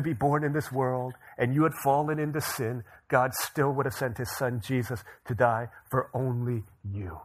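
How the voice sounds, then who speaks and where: A man in his thirties delivering a sermon, weaving in casual personal stories. His voice is slightly husky and sits at an ordinary middle pitch. He talks with easy, everyday phrasing and small restarts. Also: steady tone, normal speed, hardly any pauses. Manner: conversational storytelling, frequent fillers and restarts. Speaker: pastor.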